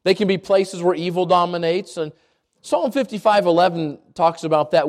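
Very high-voiced preacher. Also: male voice, normal speed. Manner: animated storytelling with repeated restarts. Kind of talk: sermon.

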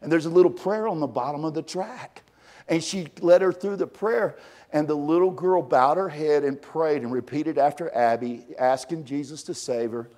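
Preaching a sermon, a man tells a story with animation, his fairly high voice swinging from loud bursts to hushed tones at a moderate pace.

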